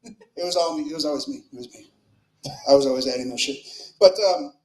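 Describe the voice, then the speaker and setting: This open mic comic's voice is a little high and a little mellow, and he talks at a quick pace. He rambles through a crude stand-up set on a stage mic at a comedy club with a live audience, using filler words and shifting volume, and the room echoes around him.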